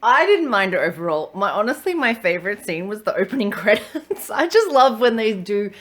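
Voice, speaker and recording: A woman's voice: medium pitch, very animated, fairly quick. A woman on a movie review panel, chatting casually and giggling often.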